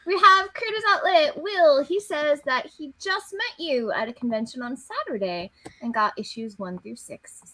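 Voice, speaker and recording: A woman's voice: high-pitched, sing-song, normal speed, few pauses, bright, forceful tone, poor audio. A woman co-hosting a livestream, reading out viewer comments in a playful, teasing way. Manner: playful, teasing, swears casually. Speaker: livestream co-host reading chat. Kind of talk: casual chat.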